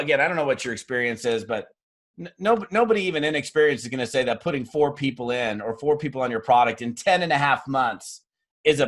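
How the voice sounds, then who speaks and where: A middle-aged man giving a motivational training talk to a sales team, telling stories and acting out the dialogue with joking, self-mocking asides. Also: medium pitch. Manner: animated storyteller acting out dialogue, jokey asides. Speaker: network marketing trainer.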